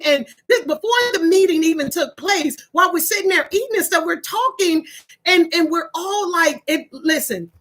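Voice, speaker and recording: A woman's voice: high-pitched, fairly bright tone. A middle-aged woman vlogging casually about her day, emotional and tearful, often restarting her sentences. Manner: emotional, tearful and laughing, talks with many restarts. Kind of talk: casual personal vlog storytelling.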